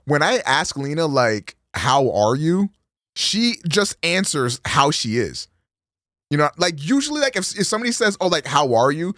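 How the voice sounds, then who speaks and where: A man streaming a casual, profane reaction commentary, rambling and animated. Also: on the high side, normal speed, no echo, studio quality. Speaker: streamer host.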